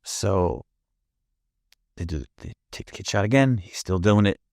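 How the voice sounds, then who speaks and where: Man, guest storyteller, vivid and profane, lowish voice, dry close mic. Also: lively intonation, a little slow, darkish tone, no room sound. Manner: vivid anecdote teller, profane. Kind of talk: casual storytelling.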